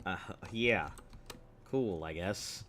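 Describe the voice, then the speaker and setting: Extremely slow and deep-voiced, this man rambles casually through a game stream, thinking aloud and reading text off the screen. He clears his throat often, leaving his voice a bit rough and throaty, and a crowd can be heard in the background.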